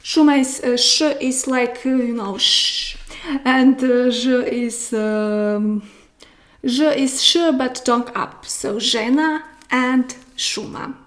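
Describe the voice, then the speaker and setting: A woman with a Croatian accent, a native Croatian speaker, teaching pronunciation slowly, with many pauses and fillers as she demonstrates sounds. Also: a little high, fairly even intonation, fairly bright tone. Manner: slow, hesitant, many fillers, careful demonstrations. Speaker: language teacher. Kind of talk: pronunciation lesson.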